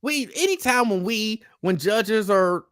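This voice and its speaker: A man's voice: sits high, expressive, unhurried, fairly bright tone, clear, resonant tone. Emphatic man hosting a stream. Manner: emphatic, repetitive, conversational. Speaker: host. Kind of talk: casual live-stream commentary.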